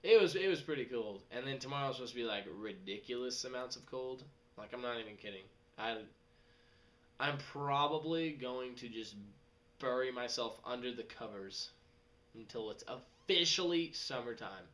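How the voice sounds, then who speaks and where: A young man, rambling casually in a vlog and jumping into high mocking voices. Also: moderate pace. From West Texas. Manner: animated, jumps to high mocking voices when quoting people. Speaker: vlogger.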